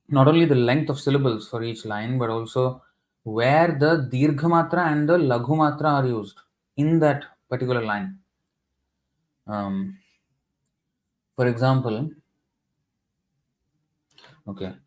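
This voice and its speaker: Middle-aged male scripture teacher, mid-pitched voice, explains patiently with fillers, breaks into slow chanting. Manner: explains step by step with frequent ums and restarts, chants verses slowly.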